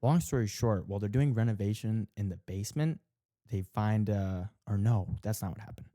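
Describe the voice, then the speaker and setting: A podcast co-host, male, with a warm and fairly low voice, recounts a show's plot casually at a normal pace. His retelling is full of swearing and "like" fillers, and he acts out the characters' dialogue. The audio is clean studio sound without any room sound.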